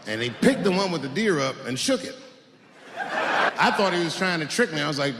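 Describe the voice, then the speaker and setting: A man performing stand-up comedy on a large theater stage, storytelling with sudden swings between low mutters and loud outbursts. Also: big pitch swings, a little fast, pauses often, long reverb tail, noisy background.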